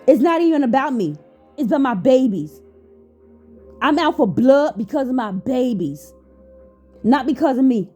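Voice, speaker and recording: A woman's voice: high voice, animated, normal speed, mellow, slightly rough, soft background music. A woman vlogger talking candidly and emotionally about her own life, swearing freely and often restarting her sentences. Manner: raw, emotional, profane, with frequent restarts. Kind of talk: candid personal vlog talk.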